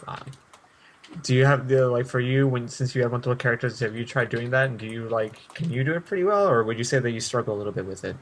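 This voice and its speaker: A man's voice: medium pitch, a little hiss or hum. A young man hosting an internet radio interview, asking questions full of halts and fillers. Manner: halting, filler-heavy questions.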